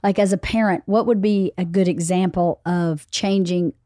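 A middle-aged woman hosting a casual podcast conversation, telling stories with lively acted-out quotes. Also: fairly low pitch, normal speed, no echo, studio quality. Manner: animated storyteller, acts out quotes. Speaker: podcast host.

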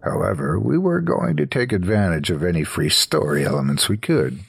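Slow gravelly male horror narrator. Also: very animated, no echo. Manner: slow, low and hushed storytelling. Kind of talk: scripted horror story narration.

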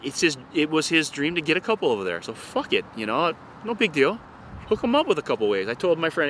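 A surfer from the North Shore of Oahu, Hawaii, rambles through an animated surf story in a casual interview, swearing freely. He talks fast with a fairly high-pitched voice, and there's slight background noise.

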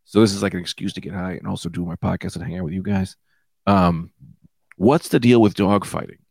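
A man in his thirties hosting his own comedy podcast, high and rambling loosely from one tangent to the next. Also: steady tone, fairly quick, vocal fry, a little mellow, dry recording, studio quality. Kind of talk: casual comedic monologue. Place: small room with lights out.

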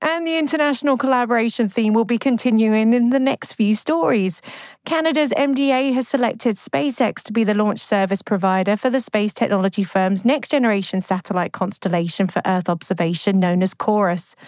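A woman co-hosting a news podcast, reading stories in a measured, clear newsreader manner. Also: on the high side, a little mellow, no echo. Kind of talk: scripted news reading with banter.

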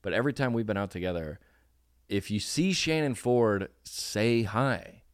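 A man guesting on a podcast in casual chat, joking around with lots of fillers and quick yeahs. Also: lowish voice, lively intonation, dry recording, studio quality. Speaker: comedian guest.

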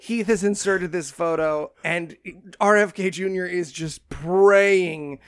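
A man co-hosting a comedy podcast, delivering wry, deadpan jokes. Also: high voice, takes it slowly, smooth, dry recording. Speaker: podcast co-host. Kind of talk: casual comedic chat.

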